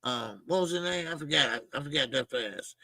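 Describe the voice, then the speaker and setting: Boxing show host, male, high gravelly voice, animated storyteller who shouts his quotes, dry close mic. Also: fairly quick, dry recording. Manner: animated, acts out quotes with loud outbursts. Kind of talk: casual storytelling commentary.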